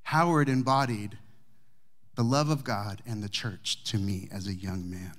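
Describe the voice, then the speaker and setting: A man preaching, a pastor telling a personal story to his congregation with humor and warmth of delivery. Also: on the low side, fairly even intonation, a little slow. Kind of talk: sermon storytelling. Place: church sanctuary with congregation.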